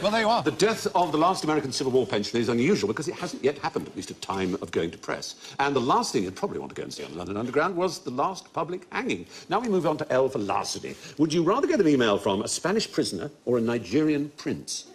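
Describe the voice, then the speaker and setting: A man's voice: mid-range voice, sing-song, fast, noisy background. A man hosting a comedy quiz panel show, with erudite explanations and playful teasing of the guests. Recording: loud studio audience laughter.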